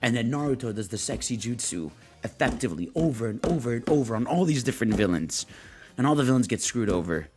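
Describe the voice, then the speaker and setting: A young man rambles through a livestream in casual, slangy chat, full of "bro" and "you know". His voice sits at an ordinary pitch. Faint music plays behind him. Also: expressive, fast, a little mellow. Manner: rambling, laughing, slangy, voices quoted characters. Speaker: streamer.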